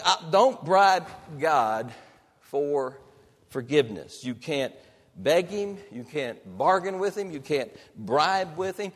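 High-voiced male pastor preaching in a hall. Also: expressive, slow. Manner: dynamic preaching, shifting from loud emphatic to soft and hushed. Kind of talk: sermon.

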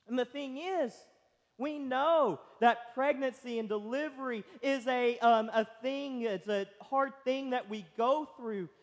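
A man's voice: extremely high pitch, unhurried. A young male pastor, preaching a sermon and telling stories. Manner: storytelling, acts out other voices. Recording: long hall reverb.

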